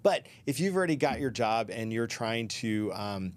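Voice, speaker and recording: A man's voice: mid-range voice, very animated, normal speed. A middle-aged man hosting a career advice talk, speaking conversationally with asides and restarts. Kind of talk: solo advice talk to camera.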